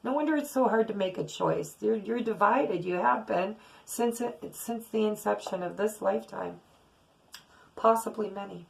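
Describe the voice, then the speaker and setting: A woman's voice: mid-range voice, normal speed, creaky, poor audio. A middle-aged woman giving a casual, earnest tarot reading to her viewers, often repeating words for emphasis. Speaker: tarot reader.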